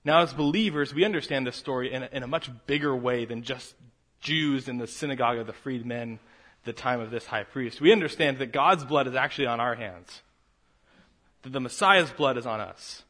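A man preaching a sermon, moving from quiet reflection to a fervent, raised delivery. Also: mid-range voice, fairly quick. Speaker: pastor.

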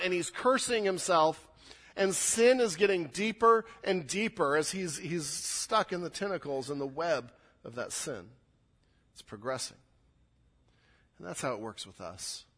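Guy preaching a sermon, bright kinda high voice, gets really animated acting out the lines. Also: measured pace. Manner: animated, acts out quoted lines with rising intensity. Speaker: pastor.

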